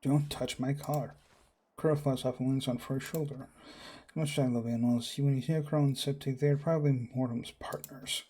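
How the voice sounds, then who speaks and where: A man's voice: medium pitch, steady tone, normal speed, dark tone, breathy edge. A man reading a visual novel aloud, doing narration and all the characters in his own voice and reacting as he goes. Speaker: game streamer.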